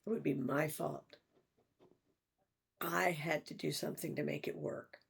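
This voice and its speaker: An older woman in a personal vlog, talking in a halting, reflective way with sighs and restarts. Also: low voice, steady tone, vocal fry, husky. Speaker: vlogger.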